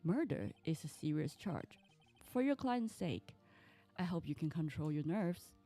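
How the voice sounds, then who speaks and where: A woman's voice: low-pitched, expressive, a little slow, dark tone, faint music behind. A woman voicing a stern older male judge in a game, reading his lines formally. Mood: solemn.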